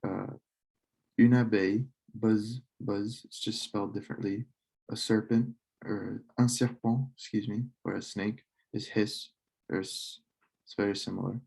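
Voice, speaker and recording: A man with a deep, mellow voice teaches a casual slideshow lesson. He talks in a relaxed, halting way and stops to correct himself now and then. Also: gravelly, slightly rough. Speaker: French club teacher.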